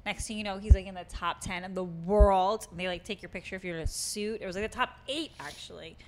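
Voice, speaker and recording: A woman's voice: mid-range voice, fast talker. A woman with a Boston accent co-hosting a podcast, loose and joking, swearing often in casual chat. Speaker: podcast co-host.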